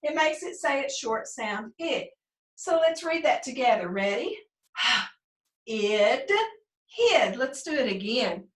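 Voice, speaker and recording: A woman teaching first grade phonics, prompting young pupils and slowly sounding out words in a sing-song way. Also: on the high side, expressive, fairly bright tone. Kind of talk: remote phonics lesson for young children. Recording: echoey room, mic at a distance.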